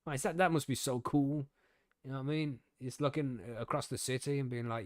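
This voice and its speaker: A man's voice: medium pitch, fairly even intonation, fairly quick, no room sound, clean studio sound. A young man from the UK hosting a podcast, telling stories and reading news in a casual, laughing, swearing way. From United Kingdom. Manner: swearing, laughing, gobby storytelling. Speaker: podcast host.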